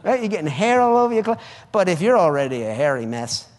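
A man's voice: fairly high pitch, very animated, a little fast, long reverb tail, noisy background. A man preaching a sermon in an emphatic, conversational way, often repeating his phrases for effect.

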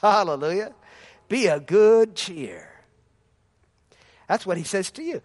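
A male pastor with a very high voice preaches fervently. His delivery swells into shouted praise, and he repeats his key lines with emphasis. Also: sing-song, slow. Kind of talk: sermon.

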